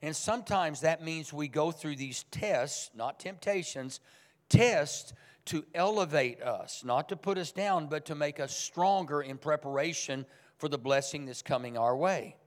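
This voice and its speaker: A man's voice: a little high, animated, a little slow, in a large hall. A man preaching a sermon as pastor, speaking in a conversational but emphatic way. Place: church sanctuary.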